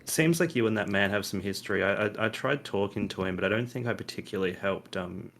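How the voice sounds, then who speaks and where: A man voicing a gentle, worried, fatherly adventurer who speaks softly and hesitantly. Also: lowish voice, quick pace, slight background noise. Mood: concerned. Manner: soft, hesitant, stammering.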